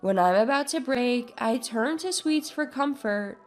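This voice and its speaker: Speaking in a high, clear voice, a woman narrates a first-person story in a measured, animated way, lingering over every line. Faint music sits beneath her.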